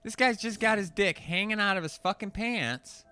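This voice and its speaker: Bright-voiced, profane young man. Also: high voice, moderate pace, clear, resonant tone. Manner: profane, animated ranting. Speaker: gameplay commentator. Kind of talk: casual storytelling over gameplay.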